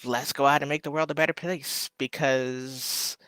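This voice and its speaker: Bright, heartfelt livestream host. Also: medium pitch, little pitch movement, moderate pace, clean tone, dry recording. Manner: rambling and heartfelt, full of ums and shout-outs. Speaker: small shop owner hosting a live stream. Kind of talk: casual livestream chat to viewers.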